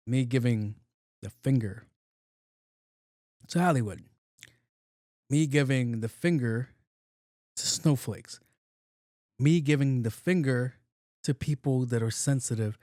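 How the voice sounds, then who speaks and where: A male podcast host telling a rambling comic story, swearing freely and slipping into quoted voices. He speaks at a mid pitch, and his podcast mic sounds dry and close. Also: no room sound. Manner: profane, loose and animated, acting out quotes. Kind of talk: comedic storytelling monologue.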